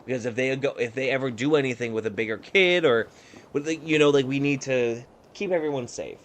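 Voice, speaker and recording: A young man streaming a game, telling stories in a campy, animated and profane way. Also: medium pitch, fairly quick. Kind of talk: casual storytelling while gaming.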